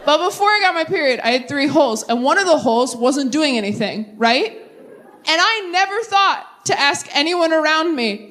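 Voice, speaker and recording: Quick-witted woman doing stand-up. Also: high-pitched. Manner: animated, self-deprecating, quick asides. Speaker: stand-up comedian. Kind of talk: stand-up set with crowd work. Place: theater stage with live audience.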